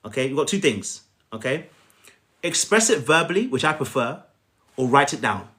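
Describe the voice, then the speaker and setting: A man's voice: mid-range voice, sing-song, moderate pace, bright, forceful tone. A man coaching viewers on a live stream, emphatic, often checking in with "okay?" and addressing them by name. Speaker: life coach. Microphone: phone on a live stream.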